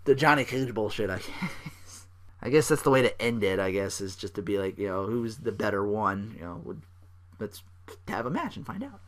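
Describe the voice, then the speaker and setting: A young man hosting a podcast, recapping wrestling in a rambling, casual way, swearing freely and acting out wrestlers' lines in loud bursts. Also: lowish voice, very animated, moderate pace, pauses often. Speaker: podcast host.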